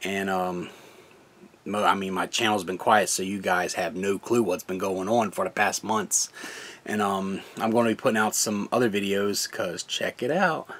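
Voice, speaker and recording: Young male channel host, lowish voice, earnest and rambling, laughs between thoughts. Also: fairly even intonation, moderate pace, fairly bright tone. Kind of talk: casual personal testimony.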